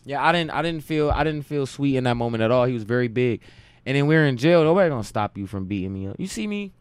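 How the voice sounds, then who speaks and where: A man in his late twenties from Cleveland tells long, profane anecdotes with an easy, animated swing. His voice sits at a middling pitch, recorded dry and close. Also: quick pace, smooth, no echo. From Cleveland, Ohio. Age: late 20s. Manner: profane, animated anecdote-telling with frequent laughs. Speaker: podcast guest, musician. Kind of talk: casual storytelling chat.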